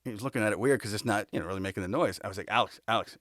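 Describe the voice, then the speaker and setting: A man's voice: on the low side, racing, few pauses, fairly bright tone, no echo, studio quality. A middle-aged man hosting a podcast, telling rambling backstage anecdotes with frequent laughs and acted-out quotes. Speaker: podcast host. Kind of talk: casual storytelling.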